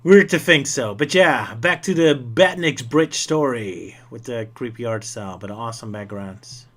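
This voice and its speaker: Male podcast host, mid-pitched, jokey, moves the conversation along. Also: lively intonation, moderate pace, fairly bright tone. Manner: jokey, steers the talk. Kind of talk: casual podcast chat.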